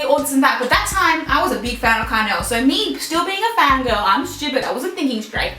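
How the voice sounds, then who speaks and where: Fast-talking young woman vlogger. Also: sits high. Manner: animated, acts out quotes. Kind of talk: casual storytelling with her twin. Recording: echoey room, mic at a distance. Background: music under the talk.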